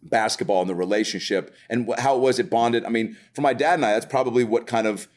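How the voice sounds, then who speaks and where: A man in his thirties from the Seattle area, a comedian guest telling animated, profane stories in casual chat. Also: mid-range voice, fast talker.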